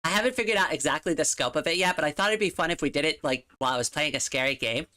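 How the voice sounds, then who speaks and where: Rambling, giggly woman streamer, lowish voice. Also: animated, very fast, bright, forceful tone. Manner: rambling, lots of "like", giggles often. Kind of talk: casual livestream chat.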